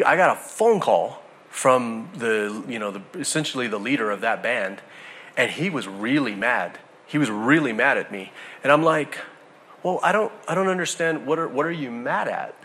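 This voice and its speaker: A middle-aged man preaching a sermon, telling a personal story in a conversational, animated way with frequent restarts. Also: medium pitch, normal speed. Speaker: pastor.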